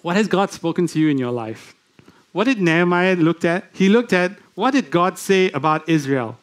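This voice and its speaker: Higher-voiced man preaching a sermon. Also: animated, normal speed. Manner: conversational, asks the congregation many questions. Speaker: guest preacher. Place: church.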